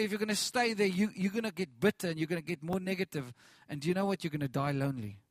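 A man's voice: sits high, fast talker, no room sound. A man preaching a sermon with passion, repeating phrases, restarting lines and calling out to the congregation.

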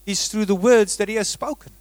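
A man with a high voice preaches a sermon, rising to loud emphasis and then dropping to a near hush. His sound is dry and close, with no room around it. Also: steady tone, fairly quick, no room sound. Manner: dramatic swings between loud emphasis and hushed delivery. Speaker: pastor.

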